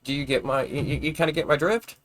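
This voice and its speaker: A man's voice: fairly high pitch, steady tone, fast talker. A man ranting casually on a live stream. He talks in a rambling, profane, argumentative way, often stumbling and restarting his words.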